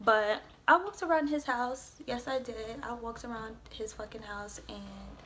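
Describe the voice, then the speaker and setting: A young adult woman tells a storytime vlog tale, rambling, swearing and saying "like" constantly. Her voice is on the high side, bright and forceful, at a measured pace.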